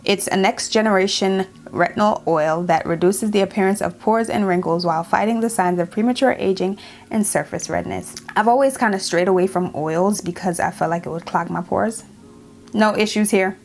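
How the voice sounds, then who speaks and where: A woman's voice: mid-range voice, fairly quick, darkish tone, soft background music. Sassy new york girl doing a chill q&a vlog, says stuff twice for emphasis, mid voice. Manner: chatty, sassy, repeats lines for emphasis. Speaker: beauty YouTuber. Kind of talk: casual Q&A vlog.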